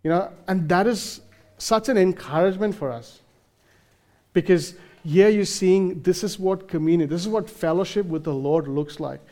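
A male preacher delivering a sermon in a mellow, slightly high voice. He speaks earnestly and with emphasis, circling back with fillers and restarts as he explains a passage. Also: moderate pace.

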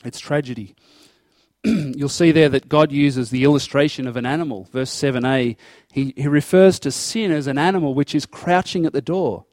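Going verse by verse, this earnest preacher explains scripture at a moderate pace and voices God's lines in quotes as he acts out dialogue. His voice is on the high side and a little mellow, captured in clean studio sound without echo.

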